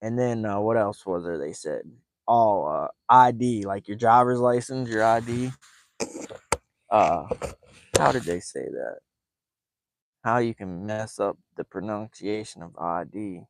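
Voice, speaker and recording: Laid-back man, low voice. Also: animated, measured pace, long pauses, slight background noise. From West Virginia and Ohio. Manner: amused, rambling, laughs often. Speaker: fishing vlogger. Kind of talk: casual storytelling.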